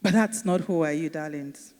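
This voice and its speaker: A woman's voice: low-pitched, normal speed, warm tone. A woman giving a faith-based empowerment lecture, emphatic and repetitive, firing off rhetorical questions. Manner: emphatic, repeats key phrases, asks rhetorical questions. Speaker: motivational speaker and teacher. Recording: echoey hall reverb.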